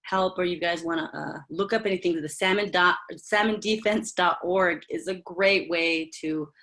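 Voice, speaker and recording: A woman giving an informal, earnest talk on a video call, halting often with fillers and restarts. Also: on the low side, a bit bright. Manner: heartfelt, earnest. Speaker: presenter at a virtual working group meeting. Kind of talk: informal spoken presentation.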